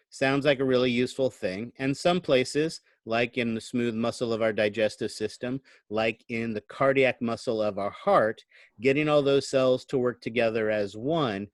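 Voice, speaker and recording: Talking at a normal speed in a medium pitch with no echo, a male college lecturer records an online lecture on his computer microphone. His delivery is conversational, with frequent "right?" check-ins.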